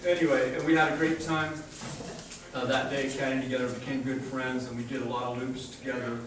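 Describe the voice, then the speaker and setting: A man's voice: mid-range voice, flat delivery, fairly quick. Man giving a eulogy, storytelling, distant mic, big reverb. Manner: storytelling, laughs often, chokes up near the end. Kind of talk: memorial speech with stories. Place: memorial hall. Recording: distant mic in echoey hall.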